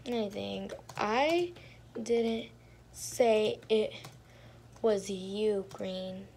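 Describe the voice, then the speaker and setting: A woman's voice: medium pitch, very slow, vocal fry, a little mellow, slight background noise. A young woman casually commentating her own gameplay, sounding exasperated, talking to herself and often trailing off into mumbles. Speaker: gaming streamer.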